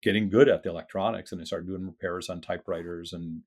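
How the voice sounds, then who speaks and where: An older man guesting on an interview show, telling his life story in a casual, animated way and acting out the voices of people in it. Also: sits low, fast. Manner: casual with mild swearing.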